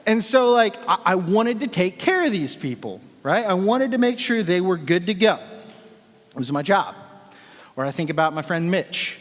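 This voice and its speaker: A man's voice: high-pitched, big pitch swings, normal speed, big-room sound. A man, a worship leader, giving a casual, joking sermon talk full of fillers. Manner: chatty, joking, with many fillers.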